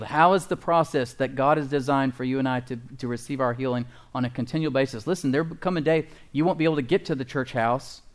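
A male pastor preaching a sermon in an emphatic way, often calling out to his congregation for an amen. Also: medium pitch.

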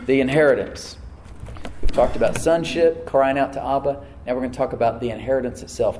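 A man's voice: mid-range voice, darkish tone, slight background noise. A male pastor preaching a sermon to his congregation. He repeats phrases, restarts lines, and asks "Amen?" to draw out responses. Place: church sanctuary with congregation. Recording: roomy church echo.

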